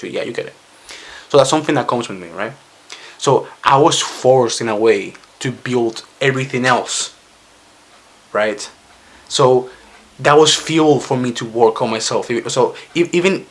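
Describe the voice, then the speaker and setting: A man's voice: medium pitch, fairly bright tone. Young Spanish-accented man who stutters. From Spain. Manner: stuttering, with frequent restarts. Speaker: vlogger. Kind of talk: casual talk to camera.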